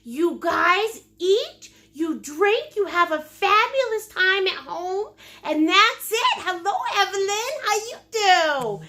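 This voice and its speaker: A woman's voice: very high voice, sing-song, takes it slowly, bright, forceful tone. A woman hosting a live paint-along class, bubbly and silly, greeting viewers by name and teasing playfully. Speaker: painting instructor and host.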